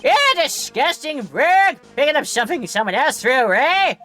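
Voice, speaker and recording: A woman's voice: high-pitched, very animated, moderate pace, soft background music, voice pushed up. A woman doing a snapping grouchy grandpa. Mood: snappish. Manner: snapping and shouting. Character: grouchy old man, rude and stingy.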